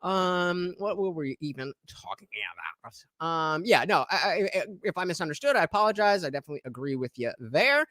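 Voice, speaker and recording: A man's voice: on the high side, a little fast, no echo, studio quality. A man hosting a livestream, reading chat comments and rambling with many fillers. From New Jersey. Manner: rambling, lots of fillers, animated. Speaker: livestream host.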